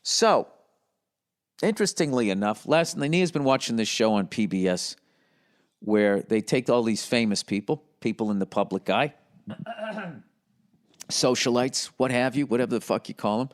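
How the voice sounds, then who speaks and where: Male podcast host, solo rambling monologue, profane and blunt, average pitch. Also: normal speed, long pauses. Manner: profane, rambling, slips into mocking voices.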